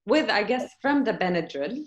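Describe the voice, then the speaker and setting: A woman guest on a podcast telling a personal story in lively conversation and acting out the dialogue as she goes. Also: medium pitch, moderate pace, a crowd in the background. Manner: animated, acts out quoted dialogue.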